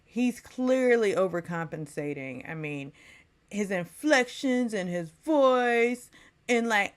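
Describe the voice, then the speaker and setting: A woman's voice: lowish voice, animated, unhurried. A woman from Texas giving an opinionated, casual recap of a reality show as a vlogger. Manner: opinionated, chatty, mocks people in quoted voices.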